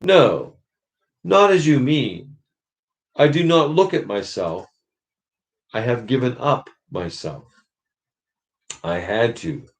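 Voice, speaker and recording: A man reading aloud and voicing a gentle, patient bright spirit from a storybook. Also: medium pitch, expressive, takes it slowly, long pauses. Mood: calm.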